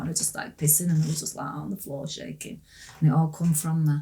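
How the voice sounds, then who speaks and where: Podcast guest: woman, low-ish voice, blunt and earthy, animated storyteller. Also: a little fast. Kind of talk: candid storytelling in conversation.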